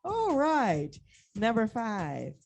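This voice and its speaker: A woman hosting a casual music talk show, playful, laughing often and giving shout-outs to listeners. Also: on the high side, huge pitch swings, extremely slow, gravelly. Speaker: show host. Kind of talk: casual radio-style chat.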